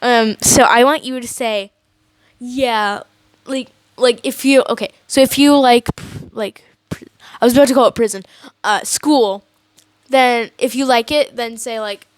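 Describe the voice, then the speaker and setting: A woman's voice: fairly high pitch, unhurried, dry recording, clean studio sound. A teenage girl ranting casually to camera as a vlogger, rambling with many likes and restarts.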